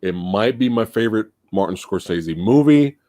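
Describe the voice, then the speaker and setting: Podcast host, male, low and expressive, casual movie chat, dry close recording. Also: moderate pace, dry recording. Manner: animated, laughs while talking.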